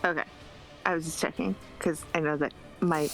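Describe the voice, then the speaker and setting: A woman playing a tabletop game, double-checking her moves with soft asides. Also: sits low, steady tone, normal speed, pauses often, soft background music, poor audio. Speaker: player. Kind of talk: casual tabletop game play.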